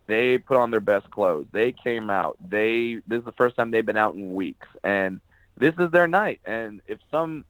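A man's voice: on the low side, animated, unhurried, no echo, low-quality recording. Man, comedian guest, casual storytelling, salty language, dry close sound. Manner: profane, blunt and joking, acts out quoted people. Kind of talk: casual podcast interview, storytelling.

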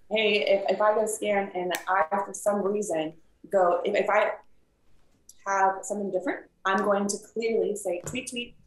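A woman who works as a volleyball referee, explaining in a measured way during a casual chat. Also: mid-range voice. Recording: roomy echo.

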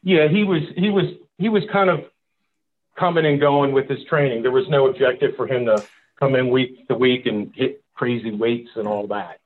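A man guest in a casual interview, relaxed and halting, with many fillers. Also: mid-range voice. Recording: tinny phone-like line.

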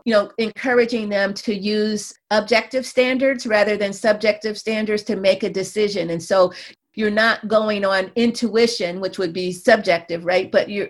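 A woman who is both a researcher and a mother appears as an interview guest, speaking at medium pitch. She explains things at length, frequently checking in with "right?" and "you know."

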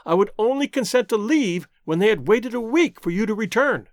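A man's voice: sits high, lively intonation, fairly quick, no room sound. A man reading an audiobook, voicing an earnest, emotional young woman in a raised, pleading tone. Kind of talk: audiobook character voice.

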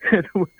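A middle-aged man telling a long anecdote in an interview, rambling and chuckling, often repeating words as he goes. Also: phone-quality sound. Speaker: interview guest. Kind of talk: casual anecdotal storytelling.

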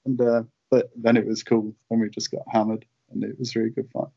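A man's voice: medium pitch, flat delivery, fairly quick, creaky, dark tone. A British man in his late thirties, a guest telling a long casual story with many fillers and chuckles. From United Kingdom. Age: late 30s. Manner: rambling storyteller, lots of fillers and laughs. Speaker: guest, merchandise writer. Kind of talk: casual anecdote in interview. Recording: dull lo-fi call audio.

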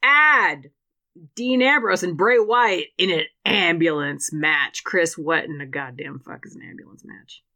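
A woman's voice: fairly low pitch, animated, measured pace, sharp tone. A woman co-hosting a podcast in casual comedic chat. She swears freely and acts out quotes in silly voices. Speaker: podcast co-host.

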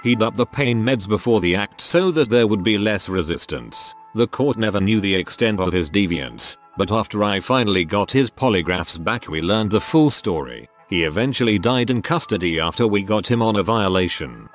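A man narrating reader-submitted stories in a steady, measured storytelling voice. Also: fairly low pitch. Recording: faint music behind. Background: faint background music.

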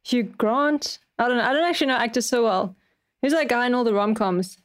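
A woman's voice: on the high side, fairly quick. A woman with a South African accent whose first language is German, chatting casually as a podcast host in a self-deprecating way. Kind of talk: casual chat.

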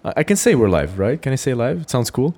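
A man's voice: mid-range voice, big pitch swings, quick pace, warm tone. A man from Lebanon hosting a casual podcast interview, laughing often and restarting his sentences. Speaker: podcast host.

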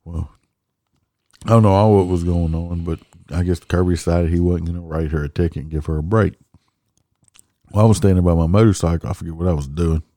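Traffic cop, male, mellow low voice, profane and blunt storyteller. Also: no echo, studio quality. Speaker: traffic police officer. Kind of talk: casual storytelling monologue.

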